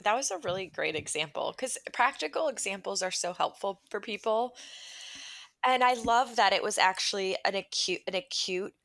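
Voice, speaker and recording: A woman's voice: medium pitch, expressive, normal speed, creaky, a bit bright, no room sound. A woman hosting a podcast, responding to her guest in long, thoughtful, affirming sentences. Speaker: podcast host. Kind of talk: interview conversation.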